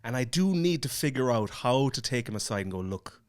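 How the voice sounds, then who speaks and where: Guy, animated podcast co-host, swears freely, very expressive pitch. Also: quick pace. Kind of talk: casual chat.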